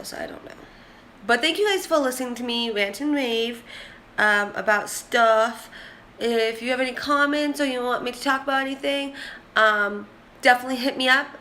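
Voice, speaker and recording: A woman's voice: on the high side, moderate pace, bright, forceful tone, a little hiss or hum. A young woman in a casual vlog, chatting candidly and rambling to the camera. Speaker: vlogger.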